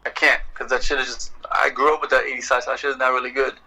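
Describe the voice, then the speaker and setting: Middle-aged man, bright tense voice, loose swearing podcast storyteller. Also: mid-range voice, rapid-fire, husky, rough recording. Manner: animated, profane storyteller, acts out exchanges. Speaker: poet and guest. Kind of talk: casual podcast conversation.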